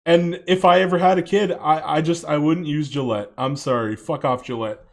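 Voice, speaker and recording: A man's voice: fairly high pitch, fairly even intonation, moderate pace, gravelly. A man in his late twenties ranting in a reaction commentary, swearing a lot, rambling and laughing often.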